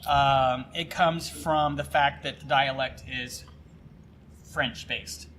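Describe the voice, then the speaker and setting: A man's voice: medium pitch, fairly even intonation, takes it slowly, fairly bright tone, slight background noise. A man from southern Louisiana with a Southern US accent, hosting a casual podcast chat in a brewery and rambling with many fillers. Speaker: podcast host.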